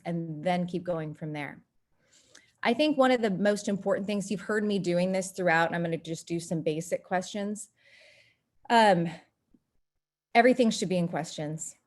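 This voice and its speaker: A woman from North Texas, presenting an online workshop and acting out quotes in lively voices. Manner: animated, acts out quoted voices with big pitch jumps.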